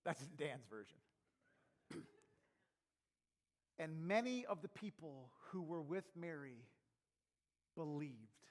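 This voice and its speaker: High-voiced preaching man, soft then emphatic. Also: expressive, slow pace, long pauses. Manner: swings from soft, intimate asides to loud, emphatic preaching. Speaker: pastor. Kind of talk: sermon.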